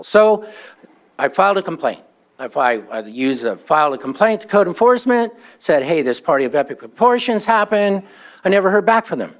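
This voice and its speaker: A man's voice: on the high side, lively intonation, fairly quick. A man giving public comment at a county meeting, telling an aggrieved story and acting out the exchanges he quotes.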